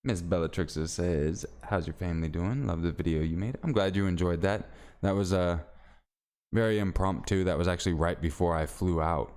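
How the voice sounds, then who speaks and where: A man's voice: low-pitched, moderate pace, darkish tone, clear, resonant tone. A man streaming live, chatting casually with viewers and reading stories aloud in a laid-back, rambling way.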